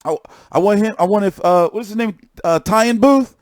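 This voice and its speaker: A young man chatting casually on a stream about boxing, excitable and profane, often repeating himself. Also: sits high, moderate pace, no echo, studio quality. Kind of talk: casual live-stream chat.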